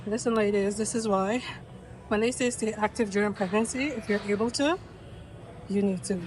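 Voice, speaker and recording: A woman's voice: mid-range voice, normal speed, low-quality recording. A young woman vlogging candidly at the gym, out of breath after a treadmill walk. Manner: candid, chatty. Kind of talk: casual vlog chat.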